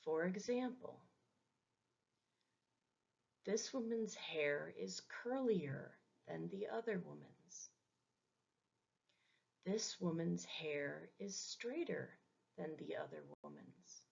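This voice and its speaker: Slow, gravelly woman teaching English. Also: on the low side, lively intonation, darkish tone. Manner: careful, repeats words for learners. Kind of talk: slow, deliberate language lesson. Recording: dull lo-fi recording.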